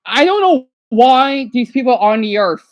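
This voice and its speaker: A man rants through a casual livestream reaction. His voice sits high and swoops up and down, from low grumbles to sudden yells off to the side. The sound is close and dry. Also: big pitch swings, normal speed, dry recording, lo-fi sound. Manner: agitated, rambling, swings from quiet mutters to loud outbursts; shouts at someone off to the side.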